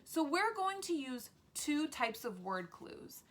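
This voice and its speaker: A woman teaching an early reading lesson to preschoolers, speaking slowly and clearly with encouragement. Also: high-pitched, big pitch swings, fairly bright tone. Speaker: pre-k teacher.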